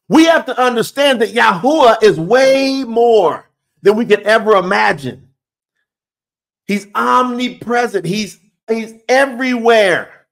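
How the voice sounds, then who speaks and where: High-voiced, slow-preaching man. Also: fairly bright tone. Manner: emphatic, asks the listeners direct questions, reads scripture aloud. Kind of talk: sermon.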